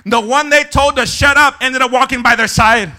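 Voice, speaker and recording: A man pastor preaching an impassioned sermon at a church service and shouting to the congregation for a response. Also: very high-pitched, steady tone, moderate pace, faint music behind.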